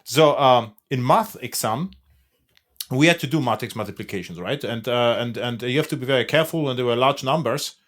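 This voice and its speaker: A man hosts a podcast and talks in a chatty, animated storytelling way. His tone is easygoing and conversational, with a voice of ordinary pitch. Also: a little fast. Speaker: podcast host. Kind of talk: casual conversation.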